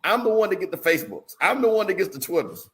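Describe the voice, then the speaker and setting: Bright, forceful man hosting a chat show. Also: high-pitched, fast. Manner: teasing, laughing, animated storytelling. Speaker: show host. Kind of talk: casual chat.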